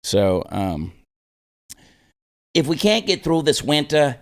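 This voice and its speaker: A man hosting a casual political talk show, sarcastic and animated, often mocking others in put-on voices. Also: fairly high pitch, slow pace, vocal fry, long pauses.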